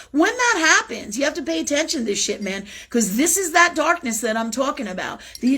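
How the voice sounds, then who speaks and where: A woman talks to her livestream audience about spirituality in a voice set slightly high. She speaks bluntly and curses often. She sinks into low, heavy emphasis and then bursts out loudly. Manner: blunt, profane and emphatic, swinging from low intensity to high outbursts. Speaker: host of a spiritual live talk show. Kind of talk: casual spiritual monologue. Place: at home, livestream.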